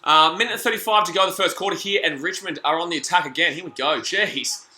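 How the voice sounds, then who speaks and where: An Australian man hosts a live sports stream, mixing play-by-play calls with casual chat to his viewers. His voice sits a little high and sounds very bright and forceful, and he gets excitable, repeating phrases as the action unfolds. The sound has the echo of a bare room. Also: fast talker. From Gold Coast, Australia. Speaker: live-stream sports watch-along host.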